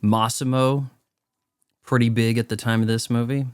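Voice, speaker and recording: A man's voice: mid-range voice, flat delivery, normal speed, smooth, dry recording, studio quality. A man giving casual movie watch-along commentary, riffing sarcastically in a rambling way. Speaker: film commentator.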